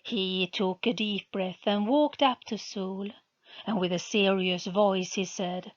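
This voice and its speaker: A woman narrating a book aloud, reading slowly and carefully. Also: mid-range voice, steady tone, highs cut off. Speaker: reader, channel host. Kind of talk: storybook narration.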